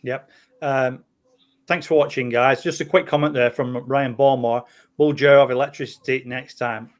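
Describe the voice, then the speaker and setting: A man's voice: mid-range voice, steady tone, moderate pace. A man co-hosting a casual podcast, dropping dry, jokey asides. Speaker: podcast co-host.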